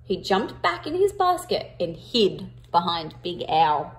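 A woman reading a picture book aloud to children, with expressive emphasis, and pausing to ask her listeners questions. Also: fairly low pitch. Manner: interactive, asks the listeners questions.

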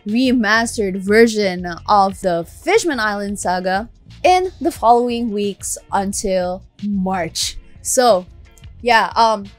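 A woman's voice: mid-range voice, takes it slowly, dry recording, soft background music. A woman doing casual anime reaction commentary, chatty and emotional as she talks straight to her viewers. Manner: chatty, addresses viewers directly; emotional, gushing.

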